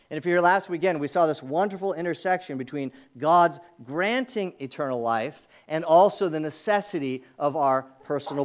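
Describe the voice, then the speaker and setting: A man preaching a sermon as pastor of his church, talking conversationally with asides and rhetorical questions. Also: on the high side. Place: church sanctuary.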